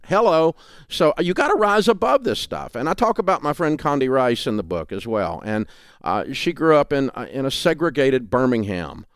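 A man's voice: medium pitch, clean tone, dry recording, studio quality. A man in his sixties with a Southern US accent from Tennessee, speaking as a radio host and author in a remote interview, folksy and emphatic with frequent restarts. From Southern United States.

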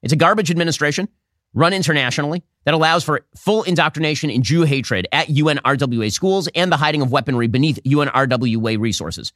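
A man hosting a political commentary show, arguing fast with a sarcastic, combative edge. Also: fairly high pitch, a bit bright, no echo, clean studio sound. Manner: rapid, sarcastic, argumentative. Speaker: podcast host.

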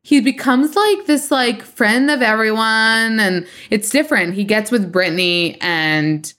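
A woman hosting a podcast, telling gossip stories in a chatty, animated way with lots of "like"s. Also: a little high, measured pace. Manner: gossipy, animated storytelling with many "like"s and bursts of laughter. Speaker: podcast host. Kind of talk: casual chat.

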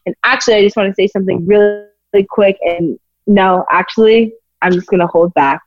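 A woman's voice: mid-range voice, brisk, dry recording, soft background music. Firm young woman guest, lo-fi sound. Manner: emphatic, firm, plain-spoken. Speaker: podcast guest. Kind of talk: casual chat. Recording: dull lo-fi sound.

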